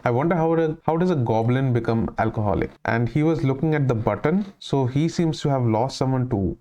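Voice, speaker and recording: Smooth-voiced man musing through a reaction. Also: medium pitch, brisk, warm tone, muffled recording. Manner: thoughtful, musing aloud. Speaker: reaction channel host. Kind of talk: casual reaction commentary.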